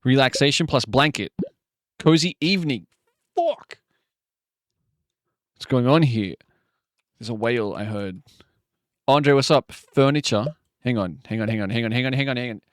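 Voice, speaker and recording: A man streaming a word game live, muttering guesses to himself with sudden excited outbursts. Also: mid-range voice, brisk, dry recording, clean studio sound.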